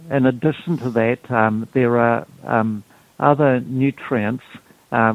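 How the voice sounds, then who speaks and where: Halting man on a tinny phone line. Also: mid-range voice, no echo. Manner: halting, many ums and restarts. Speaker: health guest explaining detox. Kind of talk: explanatory talk.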